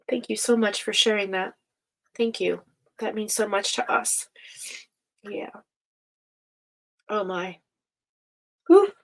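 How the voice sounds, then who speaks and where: A woman hosting a tarot reading livestream, talking casually and affectionately to viewers, with many fillers, sighs and soft laughs. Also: medium pitch, slow, gravelly, long pauses, low-quality recording. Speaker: tarot reader and livestream host.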